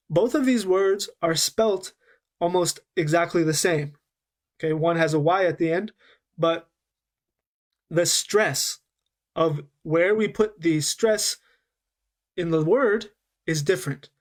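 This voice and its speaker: High-voiced man teaching English. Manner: patient, slows down to demonstrate, frequent "okay?" and "right?". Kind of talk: online course lesson.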